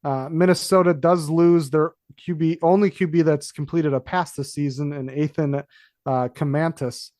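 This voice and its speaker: A man with a fairly high voice talks sports picks in a loose, rambling way. He often stumbles and corrects himself and fills pauses with "uh". His voice sounds dry and close, with little room sound. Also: steady tone, darkish tone, no echo. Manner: rambling, self-correcting, frequent fillers. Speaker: podcast co-host. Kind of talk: casual sports betting chat.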